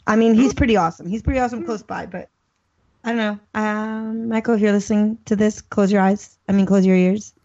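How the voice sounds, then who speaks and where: A woman's voice: mid-range voice, steady tone, a little fast, dark tone. Chatty woman co-host, muffled lo-fi sound. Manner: chatty, teasing, laughs easily. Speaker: podcast co-host. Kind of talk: casual banter. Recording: dull lo-fi podcast audio.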